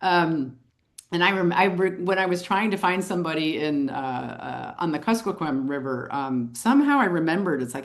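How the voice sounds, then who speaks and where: A middle-aged woman telling a story in an interview, animated and chuckling as she goes. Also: lowish voice, brisk. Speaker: photographer and author, interview guest.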